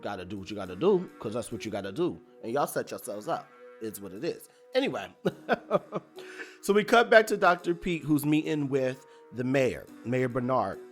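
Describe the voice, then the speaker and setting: A TV recap reviewer casually retells an episode's scenes in a loose, chatty way, using fillers and voicing the characters' lines as he goes. His mid-range voice is very animated at a moderate pace, with faint music behind him.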